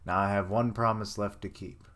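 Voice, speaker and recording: A man reading a proud young knight's lines aloud from a manga, slow and lightly declaimed. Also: lowish voice, steady tone, a bit bright, lightly acted. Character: vain young knight hero, proud and self-assured.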